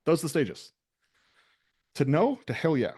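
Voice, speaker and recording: A man's voice: a little high, very animated, a little slow, a little mellow, slightly rough. A man hosting a casual business talk, loose and conversational, with many fillers. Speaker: business owner and show host.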